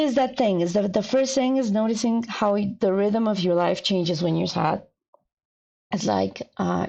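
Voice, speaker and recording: A woman's voice: medium pitch, gravelly, a little mellow. A woman thinking aloud as she writes, hesitant and searching for her words. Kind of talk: thinking aloud while writing. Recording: dull lo-fi sound.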